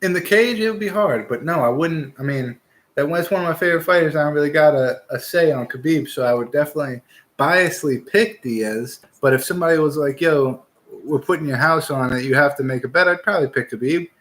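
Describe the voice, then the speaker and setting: A man's voice: on the high side, a little fast, a bit bright. A young man hosting a casual fight-picks show, talking in a blunt, opinionated and profane way. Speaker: podcast host giving fight picks.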